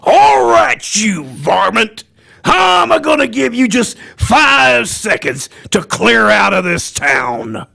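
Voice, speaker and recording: A man voicing a hot-tempered little cartoon cowboy who shouts growly threats. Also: high-pitched, big pitch swings, slow, gravelly, voice pushed up, heavily acted. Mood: furious.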